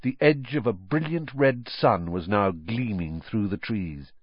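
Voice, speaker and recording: A man narrating a storybook in an expressive, lilting way. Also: lowish voice, unhurried, breathy edge, no echo, dull audio. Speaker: audiobook narrator.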